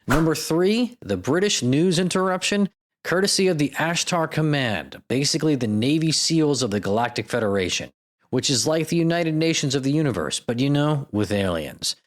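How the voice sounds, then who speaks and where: Male podcast host, young adult, sarcastic, profane, very expressive pitch, comedic solo monologue. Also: normal speed.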